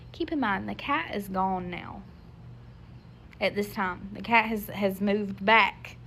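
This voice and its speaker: A woman's voice: on the high side, vocal fry, fairly bright tone, a little hiss or hum. A woman, telling a personal story to camera in a chatty way, with lots of fillers and restarts as she acts out what people said.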